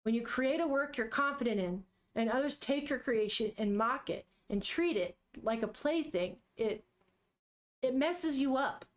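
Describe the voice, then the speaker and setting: A woman voicing a stern, protective middle-aged father, speaking gravely and pleading. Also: on the high side, lively intonation, a little slow. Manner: grave, pleading, grows forceful.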